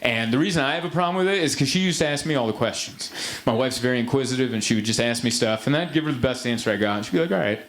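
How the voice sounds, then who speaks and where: A male stand-up comedian telling an animated story, acting out dialogue and laughing along. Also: mid-range voice, rapid-fire.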